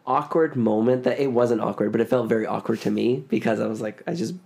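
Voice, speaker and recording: A man's voice: medium pitch, fairly even intonation, quick pace, creaky, a little mellow. A man in his thirties telling a story in casual chat, rambling and poking fun at himself. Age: 30s. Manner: rambling, self-mocking, laughs often.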